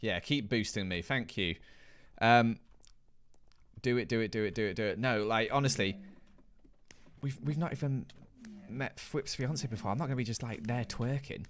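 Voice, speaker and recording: A man's voice: mid-range voice, normal speed, pauses often. A British man hosting a live gaming stream, chatting playfully and reading viewer comments aloud. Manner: chatty, playful, jokey banter with chat.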